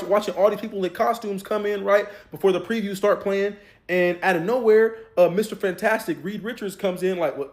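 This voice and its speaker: A young man telling a comedic story in casual slang, acting out the people in it with animated voices. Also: high voice. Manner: animated, acts out quotes in voices.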